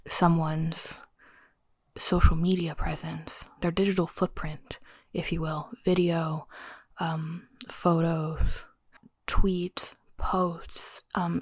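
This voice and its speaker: A woman whispering a chatty book recap, keeping her voice hushed and often correcting herself. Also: fairly low pitch, slightly rough, no echo, studio quality. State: whispering so as not to wake someone. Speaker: book vlogger.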